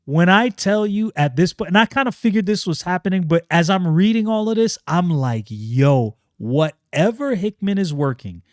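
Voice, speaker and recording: A man hosting a casual comic book review, excitable and slangy, often restarting his sentences. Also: sits high, a little fast, hardly any pauses, no echo, clean studio sound.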